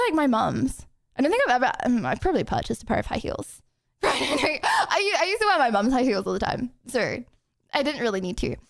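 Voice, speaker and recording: Giggly, rambling young woman streamer. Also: high voice. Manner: giggly, rambling, lots of "like" and "bro". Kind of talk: casual chat answering chat questions.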